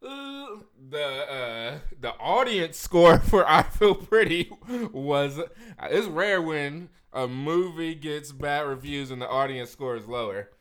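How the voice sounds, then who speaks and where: A man co-hosting a casual movie chat, animated and quick to laugh, with the hiccups. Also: a little high, clean tone. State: has the hiccups. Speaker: podcast co-host.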